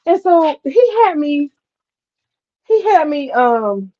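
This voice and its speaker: A woman's voice: sits high, sing-song, slow pace, muffled recording. A woman hosting a live stream, telling a story in a candid, chatty way, swearing freely and talking to the chat. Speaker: host.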